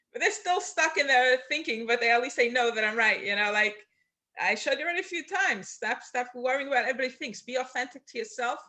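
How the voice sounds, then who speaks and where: Bright-voiced woman teaching a class. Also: a little high, quick pace. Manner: encouraging, earnest. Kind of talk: teaching a class over video call.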